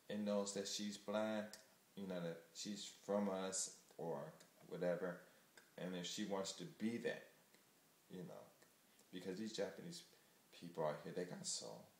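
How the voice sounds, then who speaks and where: A man's voice: deep voice, vocal fry, reverberant, a little hiss or hum. A man from the United States talking casually and candidly to the camera, rambling and emphatic. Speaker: vlogger. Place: Japan.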